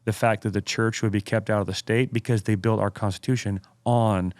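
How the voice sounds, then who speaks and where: A man's voice: on the low side, fairly even intonation, darkish tone, no echo. A man co-hosting a casual podcast as a pastor, talking emphatically and with conviction. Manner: emphatic, fervent, reads quotes with dramatic slowing.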